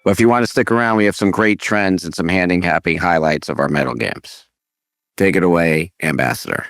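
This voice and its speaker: Low-voiced man hosting with dry wit. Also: fairly even intonation, fairly quick, fairly bright tone, clear, resonant tone, dry recording. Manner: wry, dry humor while reading stats. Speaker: podcast host. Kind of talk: casual podcast segment hosting.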